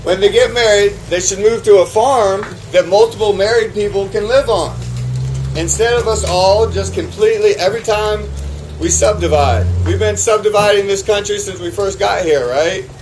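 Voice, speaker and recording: At a moderate pace and in a high voice, a New England farmer delivers an impassioned farming talk to a live conference crowd, peppering them with rhetorical questions, while background noise can be heard.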